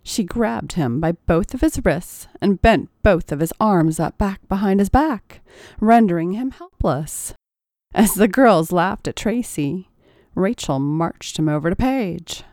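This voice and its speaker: Slow, expressive woman narrating a story. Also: on the low side, dry recording, clean studio sound. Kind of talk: audiobook narration.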